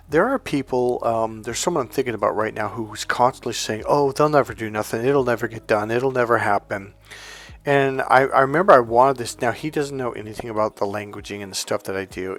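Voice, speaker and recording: A male dating and relationship coach telling stories in a casual, rambling monologue full of restarts and asides. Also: mid-range voice.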